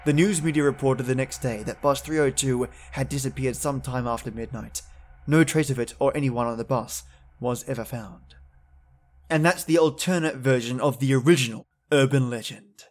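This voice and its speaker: A man's voice: medium pitch, moderate pace, a little mellow. A man hosting a horror podcast, telling urban legends in theatrical, chatty scripted narration. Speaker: podcast host and storyteller.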